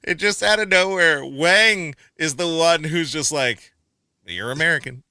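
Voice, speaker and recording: A man's voice: on the high side, measured pace, bright, forceful tone, clean tone, no echo. A man co-hosting a movie review podcast in casual chat, laughing often and acting out quotes from the film. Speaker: podcast co-host.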